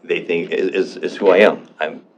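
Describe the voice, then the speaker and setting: A man's voice: low-pitched, steady tone, moderate pace, slight background noise. A man speaking in public comment at a county board meeting, emotional and defensive, often repeating himself and restarting. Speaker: public commenter, veteran and business owner.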